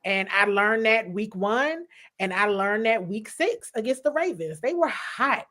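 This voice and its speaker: A woman sports reporter chatting as a podcast guest, telling stories with lively quoted asides, in a casual style. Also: medium pitch, unhurried. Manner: animated storyteller, quotes people in voices.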